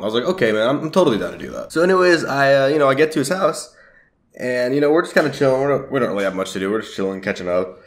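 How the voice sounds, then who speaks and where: A teenage boy telling a life story to camera in a rambling, casual way, swearing often and swinging his pitch up and down. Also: a bit bright. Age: teens. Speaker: YouTuber storyteller.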